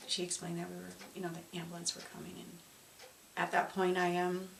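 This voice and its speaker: Woman, personal testimony, emotional and halting; roomy distant recording with faint hiss. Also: lowish voice, completely flat delivery, gravelly. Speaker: interviewee.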